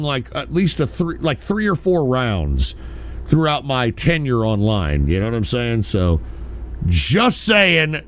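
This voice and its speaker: A man talks casually on a stream in a loose, rambling way, swearing freely as he goes. His voice is a little high. His pitch swings up and down in a lively way. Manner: rambling, profane, loose and conversational. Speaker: streamer reacting to a clip. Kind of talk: casual chat.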